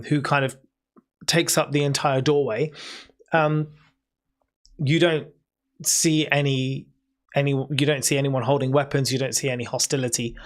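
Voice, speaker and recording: British game master, halting narration. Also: mid-range voice. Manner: hesitant, many ums, descriptive.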